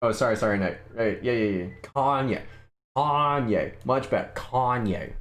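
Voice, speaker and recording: A man's voice: on the low side, brisk. A young man giving joking, playful commentary as he streams a game and talks to his chat. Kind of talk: casual gameplay commentary.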